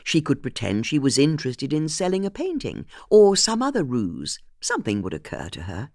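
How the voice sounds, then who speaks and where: An audiobook narrator reading a mystery novel in an expressive, scripted way. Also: medium pitch, moderate pace, no echo, clean studio sound.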